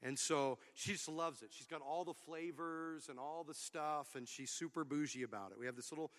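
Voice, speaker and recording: A man's voice: on the high side, moderate pace. A man preaching a sermon to his church, mixing funny stories with rising, fervent calls to his congregation. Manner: humorous storytelling, building to loud preaching. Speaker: pastor.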